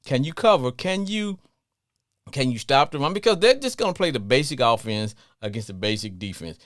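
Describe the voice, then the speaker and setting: Animated Southern man hosting sports radio. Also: medium pitch, fairly quick, no room sound, studio quality. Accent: Southern US, Louisiana. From Louisiana. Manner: animated, sing-song, laughs often. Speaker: radio talk show host. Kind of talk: call-in sports talk.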